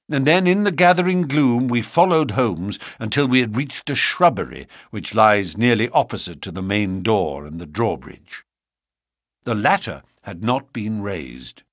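A man narrating an audiobook of a classic novel in a steady, expressive storytelling manner. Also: mid-range voice, no room sound, clean studio sound.

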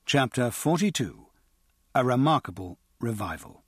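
With clean studio sound and no room ambience, a man reads an audiobook, telling the story in a measured, expressive way. His medium-pitched voice is slightly rough.

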